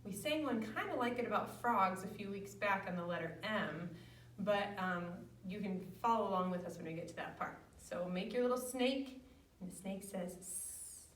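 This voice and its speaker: A woman's voice: mid-range voice, lively intonation, moderate pace, a bit bright, a little hiss or hum. A woman running a children's library storytime in a patient, sing-song teaching manner. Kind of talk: storytime for young kids. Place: library room. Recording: echoey room, mic far off.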